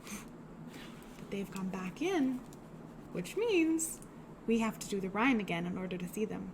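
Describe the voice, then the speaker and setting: A woman's voice: medium pitch, lively intonation, unhurried, a little mellow, a little hiss or hum. A young woman leading a children's storytime, talking and singing in a cheerful, encouraging sing-song.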